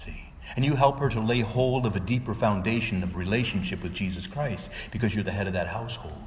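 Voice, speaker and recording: A man's voice: on the low side, a little fast, big-room sound, a little hiss or hum. A male Catholic priest preaching a sermon, earnest and exhorting, sometimes pleading with his listeners.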